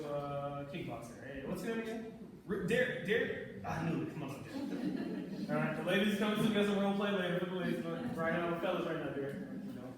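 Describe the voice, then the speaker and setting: A man leading a leadership workshop, energetic and coaxing, asking the room questions, recorded from far off in an echoey room. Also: a little high, noisy background. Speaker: leadership trainer. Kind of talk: live workshop facilitation.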